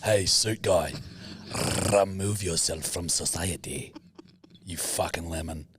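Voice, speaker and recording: Husky, crude man. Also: low voice, slow pace, fairly bright tone. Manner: crude, sweary banter. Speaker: podcast co-host. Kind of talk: casual chat.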